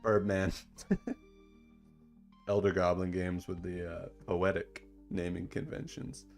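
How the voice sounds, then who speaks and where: A man hosting a casual livestream in a laid-back, slangy way that turns excited at times. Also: low voice, slow, gravelly, soft background music. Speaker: streamer and dungeon designer.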